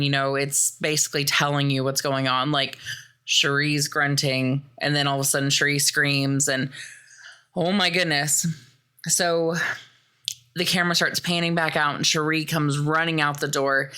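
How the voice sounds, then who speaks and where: A woman's voice: low-pitched, clean tone. A woman podcast host from the US Midwest recapping a movie in a casual, chatty way, acting out the characters' lines. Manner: animated, chatty, acts out quoted lines.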